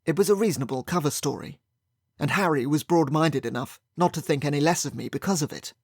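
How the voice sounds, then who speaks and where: A man's voice: fairly high pitch, fast, a little mellow, husky, no echo, clean studio sound. A man narrating a first-person mystery audiobook in a wry, sardonic manner.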